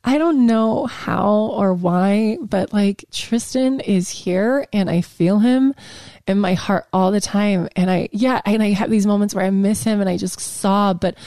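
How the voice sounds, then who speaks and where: A woman's voice: medium pitch, measured pace, warm tone, dry recording, studio quality. A woman talking casually and emotionally as a podcast guest, gushing and rambling with many restarts and fillers.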